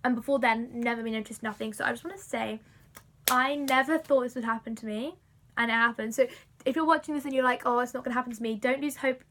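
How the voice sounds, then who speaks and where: A young woman excitedly telling a story to camera, gushing and full of fillers. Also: fairly high pitch, fast talker, slight background noise. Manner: breathless, gushing, many fillers like "like". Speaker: vlogger.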